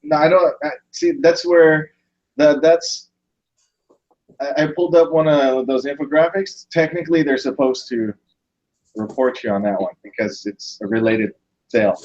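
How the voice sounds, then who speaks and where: A man hosting a casual video call, talking through his points with restarts and pauses. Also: fairly high pitch, fairly even intonation, a little mellow, highs cut off. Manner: thinks aloud with restarts. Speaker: host. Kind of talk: casual chat.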